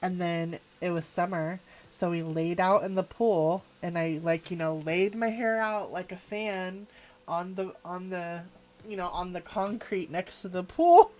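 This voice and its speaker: A woman's voice: lowish voice, measured pace, a little mellow. A woman, chatting casually on a live stream while she draws. She rambles, laughs often and keeps saying "like". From California, USA. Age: 40s. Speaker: artist streaming a live coloring session.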